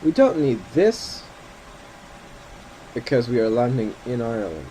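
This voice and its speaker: Male gamer, mellow, animated delivery; casual thinking-aloud commentary with frequent self-corrections. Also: medium pitch, measured pace, a little hiss or hum, low-quality recording. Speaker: flight simulator gamer.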